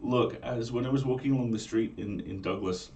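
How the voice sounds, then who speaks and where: A man with a Manx accent, hosting a livestream in a chatty, joking way with quick asides. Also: medium pitch, a little mellow, distant mic, slight background noise. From Isle of Man. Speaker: streamer and storyteller host. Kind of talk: casual chat. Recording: voice from off-mic with faint room ambience.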